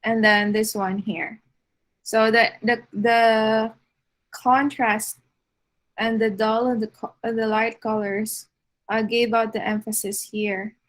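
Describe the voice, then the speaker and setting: A woman giving an art lecture over slides, unhurried, with frequent fillers and restarts. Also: fairly high pitch, flat delivery, poor audio.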